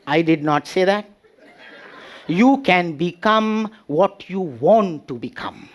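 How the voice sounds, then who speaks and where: A man giving a humorous motivational speech with drawn-out delivery and pauses before punchlines. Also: sits high, lively intonation. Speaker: speech contest speaker.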